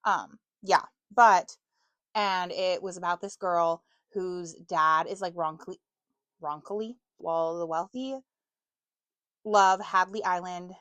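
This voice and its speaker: A woman's voice: on the low side, steady tone, slow pace, a bit bright, no echo. A woman in her twenties chatting casually to camera about books, self-mocking and stumbling over words now and then. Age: 20s. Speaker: book vlogger.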